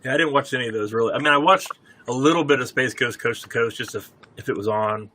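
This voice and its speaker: A man in his forties hosts a relaxed live chat, his voice bright and forward. He tells stories at an easy pace, with a low hiss of noise behind him. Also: quick pace, low-quality recording. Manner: relaxed, storytelling, chuckles often. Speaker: show host. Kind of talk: casual chat on a live show.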